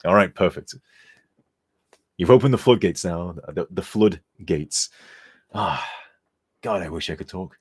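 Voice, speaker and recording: Tired, rambling deep-voiced man streaming. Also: a little slow, long pauses, slightly rough. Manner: rambling, chuckling, reads chat aloud. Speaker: game modder streaming. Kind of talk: casual live-stream chat. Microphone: desk mic, sometimes turned away.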